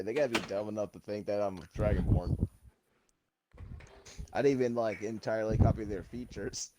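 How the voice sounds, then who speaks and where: A man's voice: lowish voice, dark tone, a little hiss or hum. A man playing a tabletop game over voice chat, speaking in character and joking. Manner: joking, laughing often. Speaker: player.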